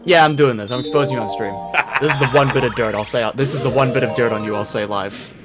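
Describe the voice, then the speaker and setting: A young man co-hosting a stream, telling stories in a casual, animated, swearing manner. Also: mid-range voice, quick pace, loud music behind the voice. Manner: animated, profane storytelling. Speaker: co-host streamer.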